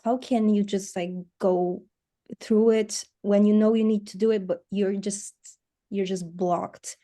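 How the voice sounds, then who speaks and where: Hesitant woman with a flat, mellow voice. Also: mid-range voice. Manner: hesitant, halting, searching for words. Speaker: caller on a coaching call. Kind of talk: asking a question on a call.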